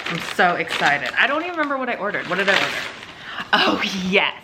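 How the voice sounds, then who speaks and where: A young woman chatting excitedly in a casual reading vlog from home. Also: mid-range voice, fast talker, heavy background noise. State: out of breath. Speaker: vlogger.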